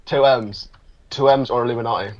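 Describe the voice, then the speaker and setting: A man's voice: mid-range voice, steady tone, fairly quick, darkish tone, muffled recording. A man guesting on a casual podcast, joking around and plugging himself. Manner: joking, self-promoting.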